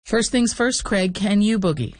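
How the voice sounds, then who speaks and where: A woman's voice: medium pitch, moderate pace, no echo. A woman radio host asking curious questions in an interview, often laughing.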